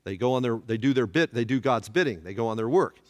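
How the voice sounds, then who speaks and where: A man's voice: medium pitch, lively intonation, fast, big-room sound. A man teaching a church Bible study who keeps asking his class to fill in the answers. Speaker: pastor.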